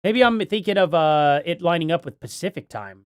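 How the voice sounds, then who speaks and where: A middle-aged man hosting a casual livestream, thinking out loud and reading chat aloud, with lots of ums and restarts. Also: a little high, big pitch swings, moderate pace, clear, resonant tone, no room sound, clean studio sound. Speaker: livestream host.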